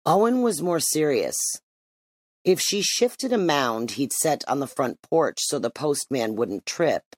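Expressive storybook narrator, dry close sound. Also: mid-range voice, a little slow, no echo. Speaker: audiobook narrator.

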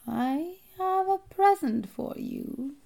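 A sinister witch, put on by a woman reading a storybook aloud creeps out of the telling with a rasping, metallic voice. She coaxes softly, dropping to a high hush and near whisper as she tempts a child. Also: animated, slow pace, exaggerated voice. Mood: wheedling. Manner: coaxing, hushed to whispering. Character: creepy grinning female witch luring a boy.

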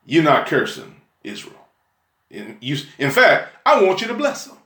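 A man's voice: a little high, huge pitch swings, unhurried, a bit bright, roomy sound, heavily acted. A man voicing the Lord as a stern, commanding male deity who gives a firm warning in a sermon.

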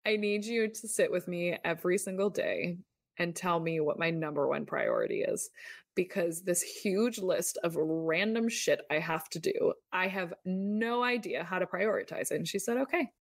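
Podcast host, female, 30s, candid confessional storyteller, lower register, dry booth sound. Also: moderate pace, no room sound. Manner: candid, confessional, uses "like" often. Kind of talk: personal storytelling monologue.

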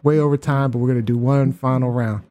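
A man's voice: medium pitch, fairly even intonation, quick pace, over music. A man hosting a party game on a talk show, upbeat and laughing often. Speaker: host.

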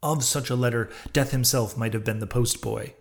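A man hosting a podcast, reading a classic novel aloud in measured, steady audiobook narration. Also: medium pitch, creaky. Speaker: podcast reader and host.

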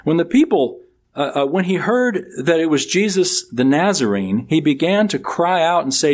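Man preaching with rising, swinging pitch. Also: moderate pace. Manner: preaches with lively pitch swings, reading scripture aloud. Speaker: pastor. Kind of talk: sermon.

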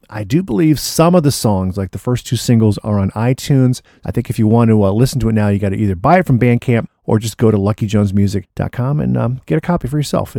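Gravelly, mellow-voiced radio DJ man. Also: mid-range voice, no echo, studio quality. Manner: chatty and enthusiastic about records. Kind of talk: laid-back radio DJ patter.

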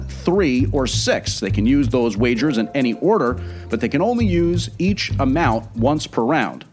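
A man hosting a trivia podcast, reading the questions and rules in a chatty, self-deprecating way. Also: mid-range voice. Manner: chatty, self-deprecating, stumbles over words.

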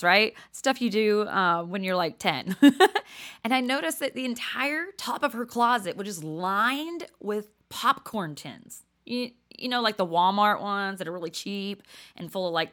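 A woman's voice: medium pitch, a bit bright. An older woman hosting a podcast, telling personal stories in a chatty way, laughing often and dropping to near-whispers for emphasis. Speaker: podcast host. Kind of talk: casual storytelling monologue.

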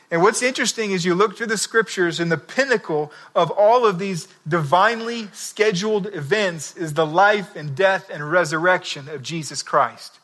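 A man's voice: high voice, moderate pace, few pauses, a bit bright. A man preaching a sermon, telling a story and reading scripture in a conversational, emphatic way. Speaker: pastor.

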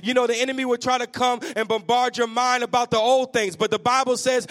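A man with an unusually high voice preaches a sermon as pastor. He tells lively, self-mocking family stories and then builds into fervent exhortation. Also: a little fast, few pauses. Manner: humorous, self-mocking asides.

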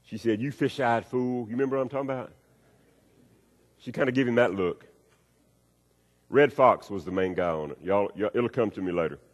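A man preaching a sermon, acting out a story with swings between loud and hushed delivery. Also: muffled recording. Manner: storytelling with acted-out voices, wide swings in pitch and loudness. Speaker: pastor. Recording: long reverb of a hall.

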